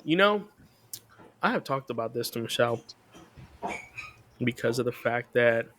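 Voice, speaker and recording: A man's voice: medium pitch, expressive, moderate pace, a bit bright, slight background noise. A man with a mid-range voice co-hosts a casual talk. He speaks bluntly and frankly, telling his story without polish. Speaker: podcast co-host. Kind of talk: casual chat.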